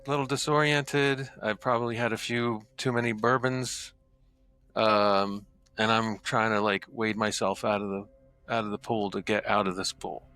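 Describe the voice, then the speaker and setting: A man playing a tabletop game, narrating his character's actions in lively storytelling with quick bursts. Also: fairly low pitch, dry recording, soft background music. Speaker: player.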